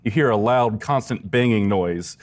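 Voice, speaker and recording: A man narrating a tabletop game as game master, casual and halting. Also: on the low side.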